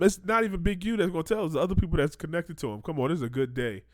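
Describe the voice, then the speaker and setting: A man hosting a casual commentary show, reacting in animated slang and breaking into mocking quoted voices. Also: fairly high pitch, rapid-fire, few pauses, no echo, studio quality.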